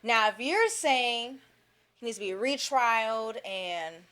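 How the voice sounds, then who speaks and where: A woman's voice: a little high, expressive, takes it slowly, bright, forceful tone. A woman co-hosting a casual podcast, giving her opinions in loose, filler-heavy talk. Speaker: podcast co-host. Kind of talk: casual group podcast chat.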